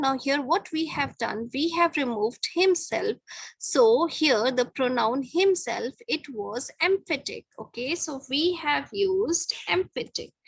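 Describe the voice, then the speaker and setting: A woman's voice: high-pitched, creaky, dry recording, poor audio. A middle-aged woman teaching a grammar lesson to children, patiently repeating each point and checking with "okay".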